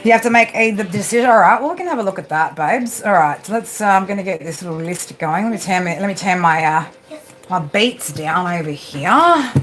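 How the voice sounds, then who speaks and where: A woman's voice: medium pitch, animated, a little fast, a bit bright, a little hiss or hum. A woman tarot reader hosting a casual live stream from home, chatty and swearing freely as she talks to viewers and her pets by name.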